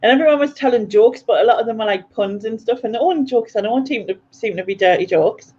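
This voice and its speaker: A woman's voice: on the high side, fast, warm tone. A woman joins a video-call chat as a guest, her audio a bit dull and muffled. She giggles easily and pokes fun at herself. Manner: giggly, self-deprecating. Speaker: guest podcaster. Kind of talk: casual chat.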